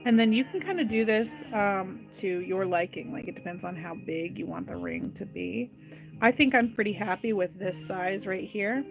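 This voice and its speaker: Demonstrating wire wrapping in a live tutorial, this woman speaks at a normal speed in a mid-range voice touched with vocal fry. She is chatty and unhurried, stopping between steps to read and answer comments from viewers. Soft music sits in the background of the low-quality recording.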